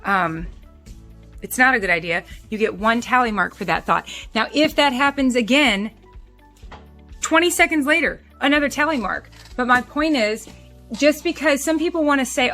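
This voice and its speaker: A woman's voice: high-pitched, moderate pace, bright, forceful tone, soft background music. A woman talking straight to her viewers in a casual vlog, chatty and rambling, restarting sentences often. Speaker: vlogger.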